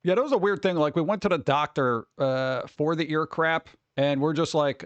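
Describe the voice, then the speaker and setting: A man's voice: a little high, expressive, moderate pace, dry recording, highs cut off. Rambling New man streaming. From New York. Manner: rambling, restarts, mimics people in quotes. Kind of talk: casual chat with viewers.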